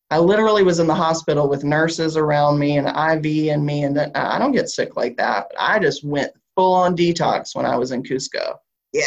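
A woman with a Southern US accent, a shamanic practitioner who leads a group through a guided meditation. She speaks slowly and soothingly and leaves long pauses. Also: low voice, dull audio. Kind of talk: guided meditation and spiritual talk.

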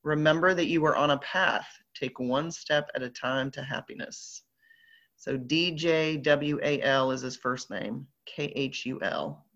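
Her voice is very deep and fairly bright, and she speaks at a measured pace in a Southern American accent. As a spiritual group leader she reads oracle cards aloud live online, playful and upbeat, over slightly dull lo-fi audio.

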